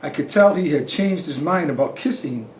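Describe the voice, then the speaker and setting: A man reading a children's storybook aloud at a slow, gentle pace. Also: fairly high pitch, lively intonation. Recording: roomy, distant mic with faint noise.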